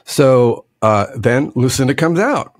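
Lively storytelling man with a dry sound. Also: mid-range voice, slow, no echo. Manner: animated, laughing often, acting out others in a put-on drawl. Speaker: podcast co-host telling a story. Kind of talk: casual storytelling chat.

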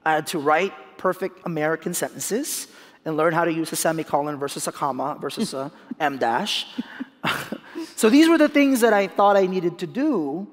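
A man in his thirties from the Philippines speaks in a lively onstage interview, laughing often and restarting with repeated words. His voice sits fairly high for a man. The sound carries a long reverb from a large hall. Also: moderate pace. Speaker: guest speaker.

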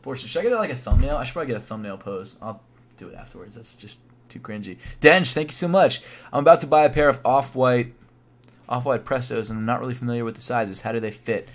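A young man chatting casually on a live stream, thinking out loud in a laid-back way with plenty of fillers. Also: mid-range voice, expressive, quick pace. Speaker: sneaker YouTuber live streaming.

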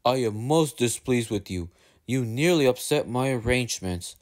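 A man's voice: animated, moderate pace, darkish tone, lightly acted. A man voicing a stern, pompous railway boss in a storybook reading. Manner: stern, booming.

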